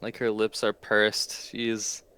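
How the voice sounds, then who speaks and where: Very slow, bright-voiced man. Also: fairly low pitch, completely flat delivery, clear, resonant tone. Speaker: player. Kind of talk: narrating his character.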